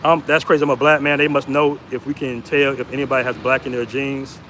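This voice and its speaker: A man's voice: mid-range voice, fast. Slangy American man vlogging on a noisy street. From United States. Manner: loose, slangy, animated when retelling quotes. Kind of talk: casual vlog storytelling. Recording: noisy outdoor street recording.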